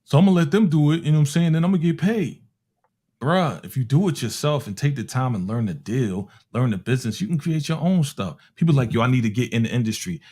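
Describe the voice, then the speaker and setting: A middle-aged man from Harlem, telling animated, slangy stories in casual chat and acting out the voices of people in them. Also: on the high side, quick pace. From Harlem, New York. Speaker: music producer telling stories on a talk show.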